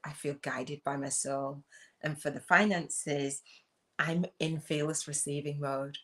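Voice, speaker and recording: Low-voiced earnest woman coaching live. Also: steady tone, a little slow, a bit bright. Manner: emotional, earnest, repeats herself; reads out viewer comments. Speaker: spiritual business coach and host. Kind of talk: livestream talk with journal prompts.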